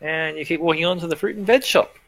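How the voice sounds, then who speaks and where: Bright-voiced man running a tabletop game. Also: on the high side, quick pace, dry recording, rough recording. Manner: easygoing, chatty, laughs often. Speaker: game master.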